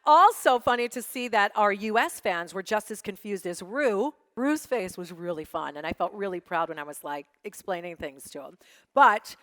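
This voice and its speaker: A middle-aged woman reads tweets aloud at a live event, joking and sassy as she comments on each one. She talks at a middling pitch, and her voice carries a long reverb from a large hall. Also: normal speed. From United States. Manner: animated, joking, sassy asides. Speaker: guest reading tweets on stage. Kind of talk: live reading to an audience. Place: event space with audience.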